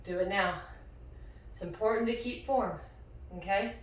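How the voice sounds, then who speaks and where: Out of breath, a woman fitness instructor coaches a home workout at a slightly slow pace, counting reps aloud and cheering the listener on. Her pitch is medium, and she sounds far from the mic in a very echoey room.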